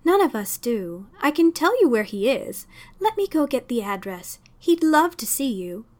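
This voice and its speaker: A woman's voice: high voice, sing-song, moderate pace. A woman voicing a kindly elderly landlady who sounds sniffly and close to tears. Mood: sad. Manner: sniffly, emotional.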